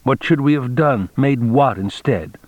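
A man's voice: mid-range voice, measured pace, darkish tone, no echo, highs cut off, voice pushed up, lightly acted. A man reading a weary, defeated jeweler. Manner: weary, introspective. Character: defeated, brooding male jewelry maker.

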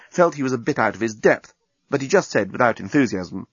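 A man narrating an audiobook in a lively, expressive reading. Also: mid-range voice, brisk, husky, no echo. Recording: dull dry recording.

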